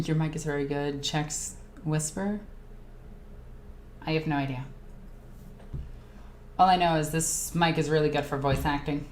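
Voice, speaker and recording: A chatty woman with a slightly low voice hosts a casual livestream. She answers viewer comments with quick bursts of excitement. Her voice sounds roomy and echoey, over a faint hum of background ambience. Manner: excitable and chatty, jumping between topics. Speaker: streamer hosting a live Q&A.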